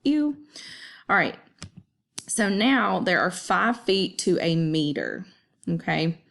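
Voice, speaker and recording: A woman teacher walks through poetry meter in a relaxed classroom manner, her voice sitting fairly low with a gravelly edge. She keeps things chatty and checks in with her listener every few lines. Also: slow. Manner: chatty, checks in with "okay?" often. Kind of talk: casual classroom explanation.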